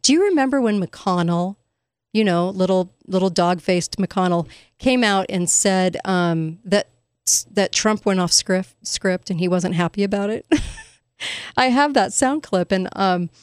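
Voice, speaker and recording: A woman's voice: mid-range voice, unhurried, clean tone, dry recording. Woman ranting about the news, sarcastic, laughs a lot, dead dry close mic. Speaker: commentary host. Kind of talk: casual political commentary monologue.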